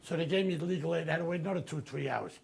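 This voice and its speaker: Brash, gravelly New storyteller man. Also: on the high side, very fast. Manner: brash, profane, animated. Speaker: comedian storyteller. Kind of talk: stand-up storytelling.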